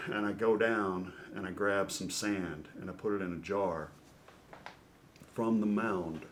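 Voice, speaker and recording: A middle-aged man, a former pitcher turned announcer, telling an animated story as a podcast guest. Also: slight background noise. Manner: lively storyteller with rising excitement and reflective close.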